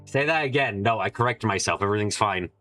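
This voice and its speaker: A man's voice: fast talker, sharp tone, faint music behind. Man voicing game characters aloud. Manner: reads game text aloud, switching to higher voices for characters. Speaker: let's play streamer. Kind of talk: reading game dialogue aloud with voices.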